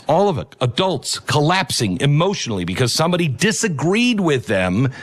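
A middle-aged man delivering an earnest, emphatic opinion monologue, pausing to stress key words. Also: on the high side. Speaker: commentator.

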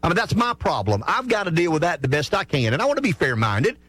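A man's voice: fairly high pitch, sing-song, fast, fairly bright tone, dry recording. A middle-aged man from South Carolina with a Southern accent, hosting a call-in radio show in a frank, folksy way, often restarting his sentences. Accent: Southern American. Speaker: radio talk show host. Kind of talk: opinionated call-in radio monologue. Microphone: studio microphone.

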